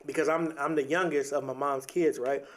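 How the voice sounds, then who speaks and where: Earnest man, higher voice. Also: steady tone, brisk. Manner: earnest, repeats words and restarts, says "like" and "right?" often. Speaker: podcast host. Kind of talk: reflective motivational monologue.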